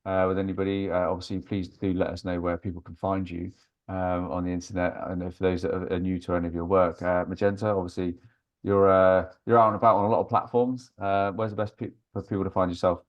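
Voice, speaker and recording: A man hosts an online interview in a relaxed, halting way, with plenty of fillers between his questions. His voice is very low. The recording sounds dull and muffled. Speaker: host. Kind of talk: casual interview on a video call.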